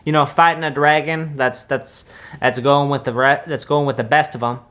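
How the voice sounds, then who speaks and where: A man's voice: mid-range voice, fairly even intonation, normal speed, fairly bright tone, faint music behind, natural voice. A young man, playing a boastful country-boy wizard who reacts to films in a laid-back, rambling drawl full of folksy asides. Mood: smug. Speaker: comedic film reactor. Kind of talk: deadpan comedic reaction.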